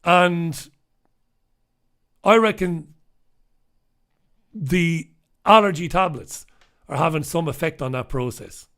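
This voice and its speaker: A man hosts a live solo news review with an impassioned, emphatic delivery, hammering his points home by repeating them. He speaks bluntly and swears when angry. His voice sits a little higher than most men's. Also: takes it slowly, long pauses, a bit bright. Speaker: show host reviewing newspapers.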